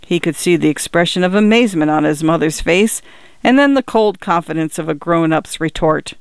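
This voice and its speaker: A man narrating a literary story in a measured, even-toned reading. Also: fairly high pitch, clear, resonant tone, no room sound. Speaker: audiobook narrator.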